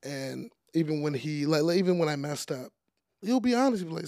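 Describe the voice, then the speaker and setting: A young man chats as a guest, loose and conversational, leaning on "like" and "you know" as he talks. His voice sits a touch high for a man. The recording is close and dry, with no room sound. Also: fairly quick, no room sound. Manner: relaxed, chatty, heavy use of "like" and "you know". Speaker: podcast guest, DJ. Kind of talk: casual interview conversation.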